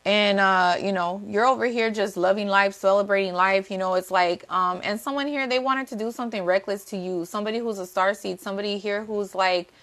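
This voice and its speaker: Her medium-pitched voice is a bit bright, steady in tone and brisk, with few pauses. As a tarot reader addressing her live chat, she's casual, blunt and profane, says things again for emphasis, and greets the viewers.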